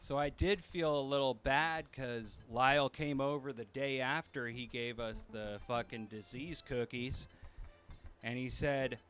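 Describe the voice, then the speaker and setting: A man's voice: mid-range voice, unhurried, a bit bright, smooth, faint music behind. A man doing a stand-up comedy routine, ranting in a profane, incredulous way.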